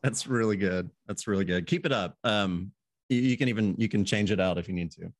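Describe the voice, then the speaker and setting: Laid-back man hosting a podcast, low voice. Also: fairly quick, no room sound, studio quality. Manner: easygoing, laughs often, restarts phrases. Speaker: podcast host. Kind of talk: casual podcast chat.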